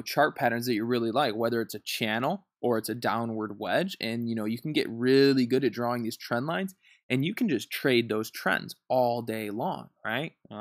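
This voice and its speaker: A man's voice: medium pitch, no echo, clean studio sound. A man casually walking viewers through stock charts on screen, loose and chatty and often checking in with "right?". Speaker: stock trading instructor.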